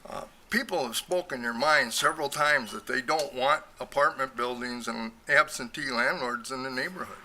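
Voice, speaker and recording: Man, breathless public commenter; blunt, repetitive, bright tense tone, faint noise. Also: medium pitch, normal speed, few pauses. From Michigan. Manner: blunt, frustrated, repeats himself. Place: city council chamber.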